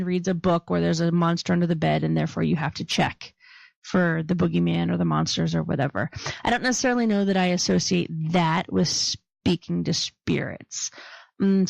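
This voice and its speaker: A podcast co-host with a Philadelphia accent chats casually, joking and laughing often. Her voice is fairly low and creaky, and the recording is dry.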